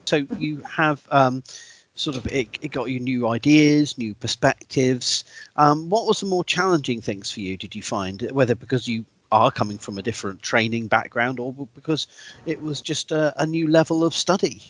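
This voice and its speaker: Man lecturer-host, mid pitch, animated and exasperated, dry close recording. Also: moderate pace, no echo, rough recording. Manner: animated, exaggerated rise on quoted lines. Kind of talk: casual interview chat.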